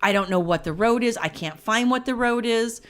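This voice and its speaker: A middle-aged woman co-hosting a podcast tells a story in casual chat, acting out her own panicked quotes. Her voice is a little high and fairly bright, at normal speed.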